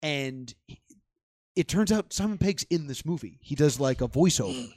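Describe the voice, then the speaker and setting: A man's voice: on the high side, expressive, moderate pace, a little mellow, no echo. A young man casually chatting about movies as a podcast co-host, acting out his own reactions.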